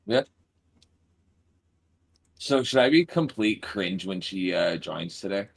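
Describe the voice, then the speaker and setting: A man's voice: sits low, big pitch swings, slow, gravelly. Crude-joking young man in game banter. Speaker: gaming co-streamer. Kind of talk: casual chat while playing a game.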